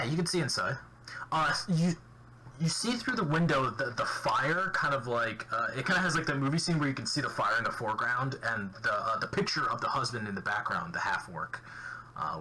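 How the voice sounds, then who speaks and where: Bright-voiced man running a tabletop game. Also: medium pitch, poor audio. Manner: halting, many fillers and restarts. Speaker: game master. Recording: faint background noise.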